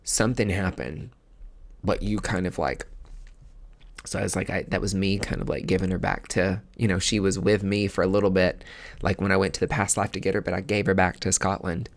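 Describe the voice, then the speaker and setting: A man's voice: low-pitched, flat delivery, quick pace, gravelly. A man hosting a podcast, telling a personal story in a casual, rambling and emotional way, full of fillers. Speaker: podcast host.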